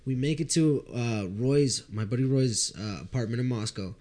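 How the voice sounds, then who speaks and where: A young man telling a drinking story in casual chat, animated and profane, often laughing. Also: medium pitch, normal speed.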